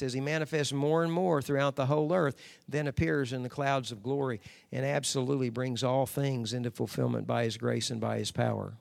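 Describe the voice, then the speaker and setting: A man preaching a sermon, calling for amens and repeating phrases for emphasis, moving from low, intimate passages to loud shouted declarations. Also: vocal fry. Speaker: pastor.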